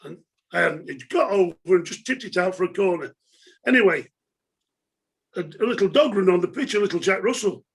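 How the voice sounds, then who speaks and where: This former footballer from England, a middle-aged guest, speaks in a high, animated, brisk voice that's gravelly with a breathy edge, pausing often. He tells career stories in a chatty, casual interview, laughing and filling gaps with fillers.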